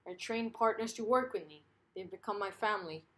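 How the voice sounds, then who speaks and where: A grim, brooding male vigilante detective from a comic book, speaking tersely and flatly, as a woman reads his lines aloud. His lines come clipped and joyless. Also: medium pitch, brisk, close to an everyday voice.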